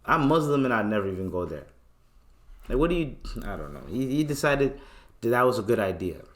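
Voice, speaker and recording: A man's voice: mid-range voice, very animated, a little fast. A man hosting a podcast alone, ranting loosely with lots of slang and swearing. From Canada. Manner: loose, profane, rambling rant with slang. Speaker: podcast host. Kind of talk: casual solo commentary.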